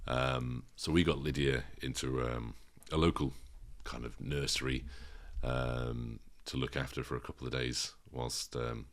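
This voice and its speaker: A man co-hosting a casual podcast, speaking in a measured, reflective way with frequent pauses and ums. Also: rumbling low, level tone. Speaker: podcast co-host.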